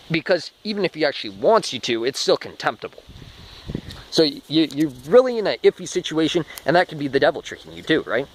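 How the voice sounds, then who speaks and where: Man, rambling monologue, animated pitch, slightly high voice, swears casually. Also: slight background noise, poor audio. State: short of breath.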